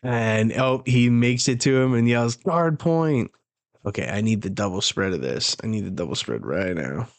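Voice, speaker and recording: A man's voice: lowish voice, normal speed, few pauses. A man hosting a casual live manga reaction, using loose slang and laughing between remarks as he reads aloud.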